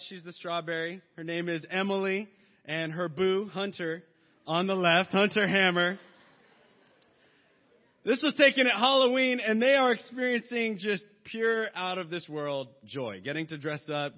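A man in his thirties preaching a sermon, mixing jokes and lively stories into his message. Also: on the high side. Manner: joking, lively storytelling. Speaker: pastor. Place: church hall. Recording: long hall reverb, dull sound.

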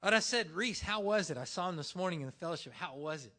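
Man, pastor, very bright sharp voice, emphatic sermon, dramatic pauses. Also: high voice, animated.

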